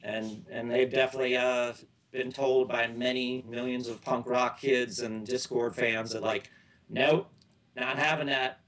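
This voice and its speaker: A man's voice: mid-range voice, level tone, moderate pace, fairly bright tone, low-quality recording. A middle-aged man as an interview guest, telling loose, rambling stories in casual chat and often restarting his sentences.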